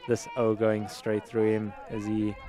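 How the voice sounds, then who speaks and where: A man doing live play-by-play commentary at an outdoor sports match, calling the action in a steady, descriptive way. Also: lowish voice, a little slow, crowd noise.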